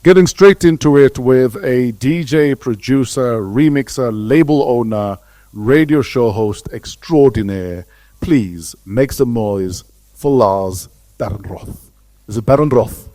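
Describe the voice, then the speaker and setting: A man from South Africa hosting an interview show, introducing his guest and asking questions in a lively, playful way. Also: mid-range voice, slow, dry recording. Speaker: podcast host.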